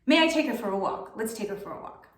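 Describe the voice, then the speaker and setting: A genial old spiritual master speaks with a lilting, easy delight, voiced by a woman reading a story aloud. His voice sits fairly high yet sinks low when he marvels at things. It sounds roomy and picked up from a distance. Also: expressive, fast, lightly acted. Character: wise, playful old male spiritual master.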